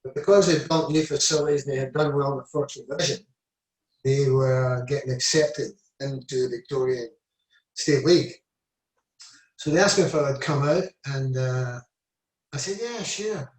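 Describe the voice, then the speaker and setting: With a mid-range, slightly mellow voice at normal speed, a former Scottish footballer now in his seventies spins casual, wandering stories during an interview. He leans heavily on "I said" and "you know". The sound comes from a distant mic in an echoey room.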